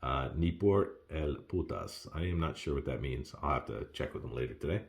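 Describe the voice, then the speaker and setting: Man, very low voice, casual self-made lesson, animated, laughs a lot. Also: a little fast, gravelly. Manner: animated, laughs often, jumps up in pitch on exclamations. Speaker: language learner sharing study notes.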